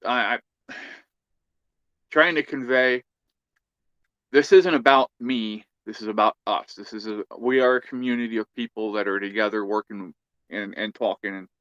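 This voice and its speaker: A man's voice: on the low side, normal speed, long pauses, a bit bright, no room sound, muffled recording. A man hosting a casual livestream chat, easygoing and chatty, reading out viewer comments. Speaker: livestream host.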